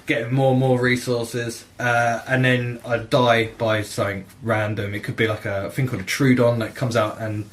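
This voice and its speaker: A man hosting a gaming podcast, telling game stories in a sweary, animated way and acting out the dialogue. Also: mid-range voice, moderate pace, hardly any pauses. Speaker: podcast host. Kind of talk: casual gaming chat.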